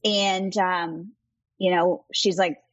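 A woman's voice: fairly low pitch, level tone, takes it slowly, dry recording, highs cut off. A woman author as a guest, telling a faith story earnestly and acting out quoted voices. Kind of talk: faith-based interview storytelling.

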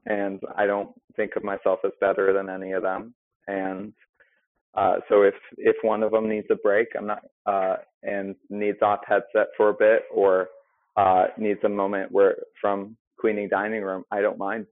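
Young male guest, low voice, dry phone-line sound, halting and filler-heavy. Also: completely flat delivery, no room sound. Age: young adult. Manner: hesitant, with many fillers. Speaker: restaurant manager, guest. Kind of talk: casual interview answers.

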